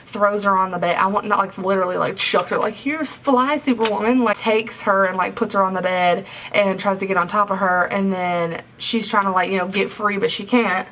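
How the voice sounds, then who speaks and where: A woman's voice: mid-range voice, flat delivery, fairly quick, hardly any pauses, fairly bright tone. A young adult woman recapping a novel for a book review vlog, chatty and full of 'like' fillers. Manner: chatty, filler-heavy retelling with lots of 'like'. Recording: slightly distant mic, faint background hiss.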